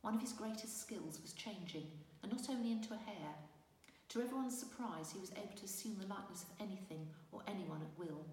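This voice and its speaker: A woman narrating a fantasy storybook in a measured, gentle reading. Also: medium pitch, a little hiss or hum. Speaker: audiobook narrator. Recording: roomy distant reverberant recording with faint ambience.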